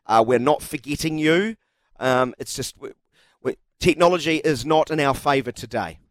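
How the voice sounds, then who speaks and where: A man with a New Zealand accent hosting a radio sports chat, quick and jokey with teasing banter. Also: fairly high pitch, no echo.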